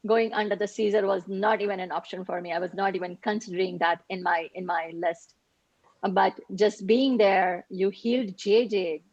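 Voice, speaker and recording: A woman's voice: medium pitch, no echo, lo-fi sound. A woman sharing a grateful, emotional healing testimony on a video call. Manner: heartfelt, grateful, gets emotional. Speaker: participant sharing a healing story.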